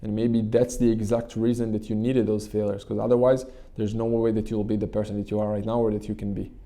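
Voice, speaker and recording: Low gravelly man, flat delivery. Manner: earnest, repetitive, halting restarts. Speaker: channel host and coach. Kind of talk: motivational talk with guided meditation.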